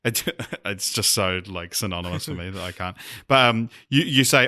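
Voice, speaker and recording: English man, co-host, lowish voice, bright tone, dry sound, halting. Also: no room sound. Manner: halting, repeats words. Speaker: podcast co-host. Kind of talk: casual chat.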